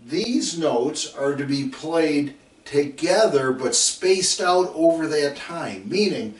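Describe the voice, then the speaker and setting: A man's voice: fairly high pitch, animated, takes it slowly. A middle-aged man giving a coaching lecture, emphatic and repetitive, telling stories and acting out his players. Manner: emphatic, repeats drill calls, acts out players. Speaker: football coach. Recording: roomy sound from a distant mic.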